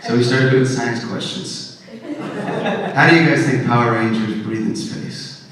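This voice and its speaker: A man's voice: medium pitch, steady tone, unhurried, crowd noise. A man, a guest actor on a convention panel, introducing himself with wry jokes. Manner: wry, joking. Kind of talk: joking panel banter. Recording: echoey hall from far off.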